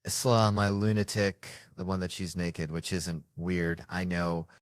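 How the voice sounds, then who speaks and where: A man's voice: low voice, level tone, a little slow, no room sound, clean studio sound. A man doing stand-up, telling stories in a profane, exasperated, punchy way. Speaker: stand-up comedian. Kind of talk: stand-up storytelling.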